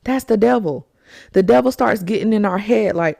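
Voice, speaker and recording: A woman's voice: medium pitch, moderate pace, creaky, no echo, studio quality. A young woman hosting a faith podcast, talking emphatically and acting out the people in her stories. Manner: animated, emphatic storytelling with acted-out quotes. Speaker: podcast host. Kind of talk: faith talk monologue.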